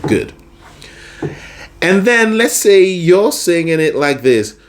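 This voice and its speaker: Male vocal coach, unhurried delivery, very expressive pitch, keeps asking "okay?". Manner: lively, checks in with the listener often. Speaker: singing teacher. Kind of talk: explaining with sung demonstrations.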